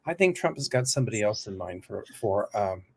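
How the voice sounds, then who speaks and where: A man's voice: lowish voice, big pitch swings, fairly quick, a little mellow. A man from the American South joins a casual political chat. He speaks in an opinionated, chatty way and thinks aloud as he goes.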